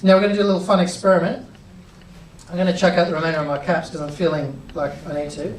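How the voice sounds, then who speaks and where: A middle-aged man presents an energetic live workshop in a cinema auditorium with an audience, upbeat and chatty as he involves the crowd. His voice is a little high and fast. The recording is distant and roomy, with slight background noise.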